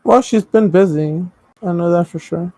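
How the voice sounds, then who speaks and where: A blunt stream guest chatting over voice chat. The voice is mellow and dark and sits at a middle pitch. The sound is very dry and close. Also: normal speed, no room sound. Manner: blunt, swears freely, mimics a polite phone agent.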